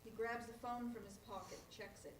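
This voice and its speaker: A woman reads the stage directions aloud at a live play reading, steady and plain in her delivery. Her voice sounds roomy and picked up from a distance. Faint background noise runs under the room sound. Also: fairly high pitch, brisk. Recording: echoey room, voice far from the mic.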